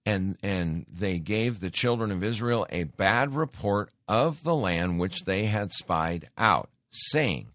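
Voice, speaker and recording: A man with a lower voice delivers a sermon, alternating scripture reading with emphatic exhortation. The sound is dry and close, with no room around it. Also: lively intonation, slow, few pauses, fairly bright tone, no room sound. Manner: emphatic, exhorting, addresses listeners as folks. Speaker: preacher.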